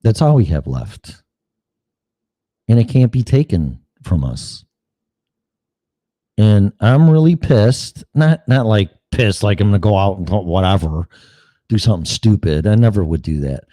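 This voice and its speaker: A man rants through a solo political show, blunt and profane, mocking the other side. His pitch swings widely, his tone is mellow and dark, and the sound is dry and close. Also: lively intonation, a little slow, pauses often, no room sound. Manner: blunt, heated, swears often, mocks opponents in put-on quotes. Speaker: podcast host.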